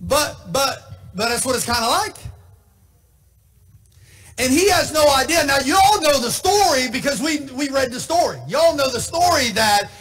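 A male pastor preaching a sermon in church, impassioned and playful, shouting and half-singing at peaks. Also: very high voice, lively intonation, moderate pace.

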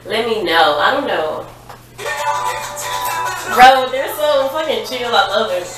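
A young woman chatting casually as a reaction vlogger, excitable and quick to exclaim along with the video she is watching. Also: on the high side, far from the mic. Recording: echoey room, off-mic, music behind. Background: music video playing.

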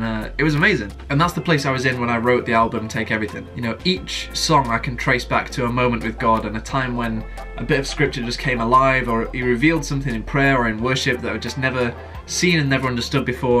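A man's voice: medium pitch, pushed and bright. A young man in a casual vlog Q&A, earnestly answering viewer questions about writing worship songs. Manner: earnest, sings example lines himself.

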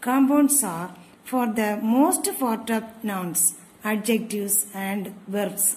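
A woman teacher, explaining grammar slowly and deliberately, word by word. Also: mid-range voice, expressive, darkish tone, a little hiss or hum. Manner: slow, deliberate word-by-word explanation with asides in a regional language. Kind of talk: grammar lesson for school pupils.

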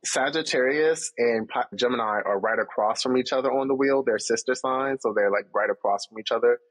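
A man's voice: mid-range voice, a little fast, breathy edge, rough recording. A man, a therapist, talking in a casual chat with a confident, teasing, explanatory manner. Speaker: therapist, guest.

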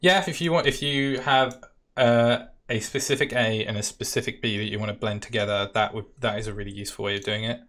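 A man's voice: on the low side, fairly even intonation, fairly quick, a bit bright. Casual British man walking through a demo. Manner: casual, talks through steps while clicking. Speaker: product specialist demoing software. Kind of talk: live-stream software tutorial Q&A.

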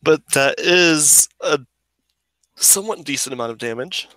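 A man's voice: on the high side, lively intonation, measured pace, bright, forceful tone, dry recording, poor audio. A man acting as game master, casually narrating monster attacks and joking with the players. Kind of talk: running a tabletop game over voice chat.

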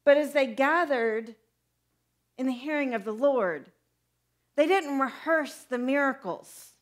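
Her voice sits high and moves a little slowly. She's a young pastor giving an animated sermon in a chatty style, putting questions to the congregation along the way.

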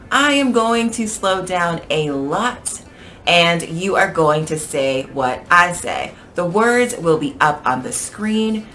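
Low-voiced American woman teaching English. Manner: clear, expressive, lively intonation. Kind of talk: English pronunciation lesson.

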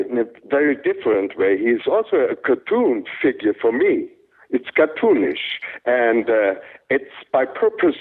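An older man with a German accent, a German native speaker, speaking haltingly in an interview with many fillers and restarts. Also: mid-range voice, slightly rough. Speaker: interviewed actor. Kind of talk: casual interview talk. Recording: tinny phone-like sound.

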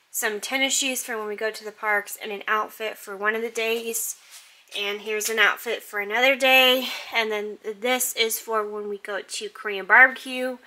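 A young woman vlogging from her bedroom in a chatty, excitable, rambling way. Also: on the high side. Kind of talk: casual vlog chat.

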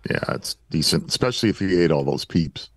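Deep-voiced man with dry humor. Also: very animated, brisk, dry recording. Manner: dry dark humor, brief reactions. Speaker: podcast co-host. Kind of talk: casual chat.

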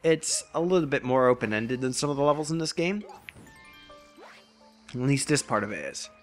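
A man's voice: mid-range voice, expressive, normal speed, faint music behind. A man casually narrating his gameplay, rambling with frequent restarts and jokes about puns. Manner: rambling, self-correcting, jokey about puns. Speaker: let's play host.

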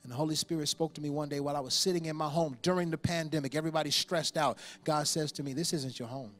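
Forty-something guy preaching, bit high voice, swings from hushed to loud, music faint behind. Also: very fast. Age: 40s. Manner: storytelling with animated impressions and laughter. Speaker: pastor. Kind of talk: sermon.

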